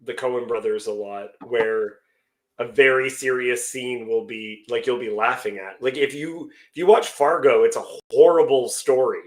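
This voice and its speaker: A man's voice: medium pitch, steady tone, moderate pace. A man chatting as a podcast guest, telling joking stories with animation. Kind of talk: casual chat.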